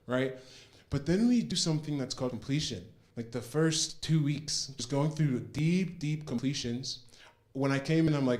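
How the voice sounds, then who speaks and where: A man's voice: mid-range voice, normal speed. Earnest man telling his story. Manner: earnest storytelling, repeats words for emphasis. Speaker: program participant giving a testimonial. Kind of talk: personal testimonial.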